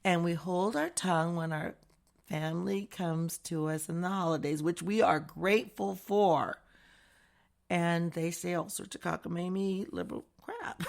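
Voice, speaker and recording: A woman from the United States delivers a casual opinion monologue with a gravelly edge. Her voice sits a bit low. She talks in a chatty, sarcastic way and laughs often. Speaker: political commentary host.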